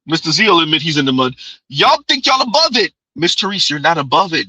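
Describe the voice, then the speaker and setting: Loud mocking man with a husky, bright voice. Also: a little high, very animated, a little fast, no room sound, low-quality recording. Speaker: commentary host. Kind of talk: reaction commentary.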